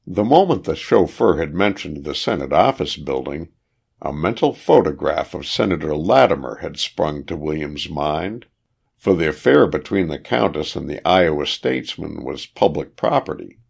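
A man reading a period detective novel aloud, measured and steady, lifting his voice for the characters' dialogue. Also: extremely low pitch, vocal fry, husky. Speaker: audiobook narrator.

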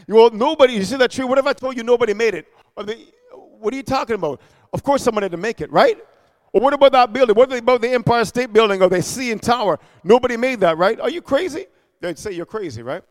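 A male preacher giving an emphatic sermon, calling out for amens and swinging between shouting and hushed asides. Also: sits high, big-room sound.

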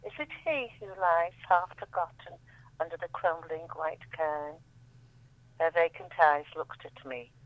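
A woman reading her own poems aloud in a measured, solemn way, then chatting about them. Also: deep voice, no room sound, phone-quality sound. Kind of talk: poetry reading and radio chat.

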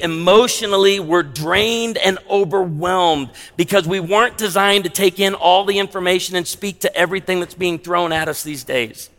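High-voiced pastor preaching in a hall. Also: male voice. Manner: animated, shifts between hushed emphasis and loud punchy delivery. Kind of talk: sermon. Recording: long reverb of a large hall.

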